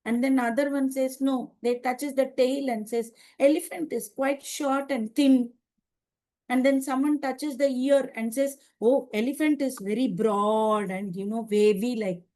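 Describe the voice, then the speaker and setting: Indian english lady, high voice, giving a scripture class, lots of rhetorical questions. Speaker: spiritual teacher.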